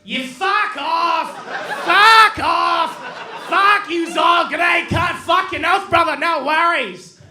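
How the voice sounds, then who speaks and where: A man voicing a brash, swearing Australian male bird, shouting in a raised pitch, recorded from afar in an echoey club with a crowd. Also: slow pace, noisy background. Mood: aggressive.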